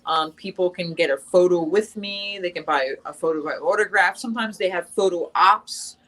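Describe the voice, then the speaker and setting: Here the same guest actress, a young adult woman, sounds lowish and slightly bright at a normal pace, still captured on a low-quality recording. She keeps chatting casually in long stretches, stumbling through fillers and restarting her thoughts.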